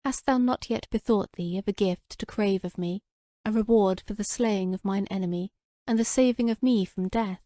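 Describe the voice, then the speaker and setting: A proud enchantress of the wood, as a woman reads her part, speaking in a soft, caressing way. Her voice is warm and mellow, heard close and dry. She sounds commanding, like a lady out of an old storybook. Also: medium pitch, normal speed, hardly any pauses, dry recording, natural voice. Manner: soft and caressing, turning to scorn.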